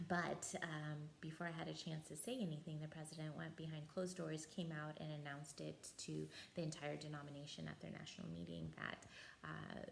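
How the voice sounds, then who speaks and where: A woman evangelist telling a personal testimony in a relaxed storytelling way, with frequent fillers and soft laughs. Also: sits low, gravelly, slight background noise. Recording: echoey room, faint ambience.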